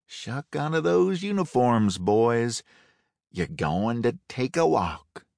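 A man's voice: mid-range voice, very animated, slow, gravelly, a little mellow, no room sound, heavily acted. A man voicing a blunt Confederate colonel who barks orders at his raiders with a dry drawl. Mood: commanding.

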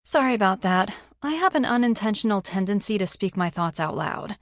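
A woman narrator voicing a quirky, candid young woman analyst who says her thoughts out loud, a little flustered. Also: mid-range voice, animated, fairly quick, no room sound, clean studio sound, close to an everyday voice.

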